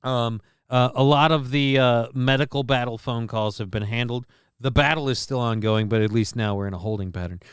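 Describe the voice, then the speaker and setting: A man hosting his own live show in casual chat, consciously pushing his voice lower than it naturally sits, rambling and poking fun at himself with lots of restarts, into a desk mic on an arm at home. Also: brisk, clear, resonant tone, no room sound, clean studio sound. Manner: rambling, self-mocking, with many restarts. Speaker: livestream show host.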